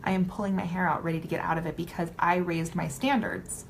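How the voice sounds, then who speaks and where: A woman's voice: fairly low pitch, little pitch movement, fast, gravelly, a little hiss or hum, rough recording. A woman giving a live-streamed motivational talk, emphatic and blunt, swearing casually and repeating her points for emphasis. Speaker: motivational speaker.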